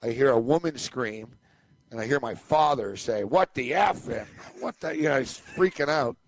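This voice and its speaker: A podcast co-host, male, telling a rambling story with lots of asides and chuckles. His voice sits mid-pitch and is recorded close and dry in a studio. He is relaxed and conversational. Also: moderate pace, no echo. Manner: rambling, animated anecdote telling with laughs. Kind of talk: casual storytelling chat.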